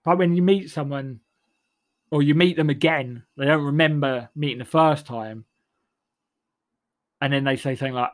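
A man's voice: on the high side, normal speed, long pauses. A man delivers a sardonic, rambling comic monologue full of restarts.

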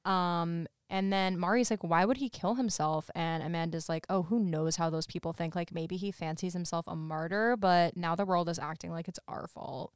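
A woman co-hosting a podcast, walking through a movie scene by scene in a casual, chatty way. She acts out each character's lines as she retells them. Her voice is smooth and slightly low, recorded dry and close. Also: steady tone, moderate pace, hardly any pauses, dry recording. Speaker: podcast co-host. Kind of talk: casual chat recapping a movie.

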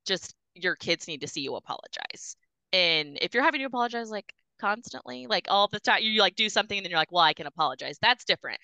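A woman's voice: medium pitch, animated, fast, bright, forceful tone, no echo, rough recording. A woman hosting a faith podcast, chatty and encouraging as she affirms her guest. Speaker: podcast host. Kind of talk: casual faith talk.

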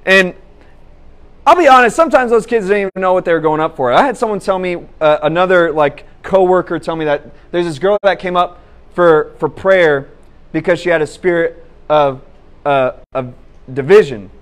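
A man's voice: high-pitched, normal speed. A young man preaching a conversational sermon, telling a personal story with lots of laughter and restarts. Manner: animated, laughs at his own story, many restarts.

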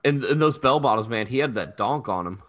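Brief: male co-host, bright forceful tone, quick crude jokes. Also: medium pitch, animated. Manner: wry crude quips. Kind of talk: casual podcast chat.

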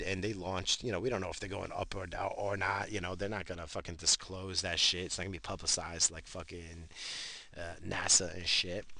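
A man's voice: low-pitched, sharp tone, dry recording. A man talking in a casual, rambling monologue, swearing freely and laughing at his own asides.

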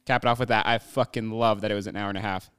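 A man co-hosting a casual movie review podcast, excitable and quick to laugh, swearing casually. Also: lowish voice, smooth, dry recording, studio quality. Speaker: podcast co-host.

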